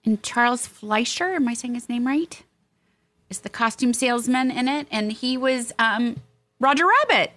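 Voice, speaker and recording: A woman's voice: fairly high pitch, expressive, normal speed, fairly bright tone. A woman co-hosting a podcast, bubbly and playful in casual chat over a video call. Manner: bubbly, playful, reads synopsis aloud. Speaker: podcast co-host.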